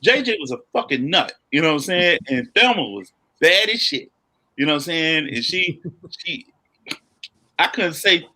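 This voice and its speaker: A man's voice: a little high, expressive, normal speed, pushed and bright. A man co-hosting a podcast, telling stories in a casual chat with lots of animation and "you know what I'm saying". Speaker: podcast co-host.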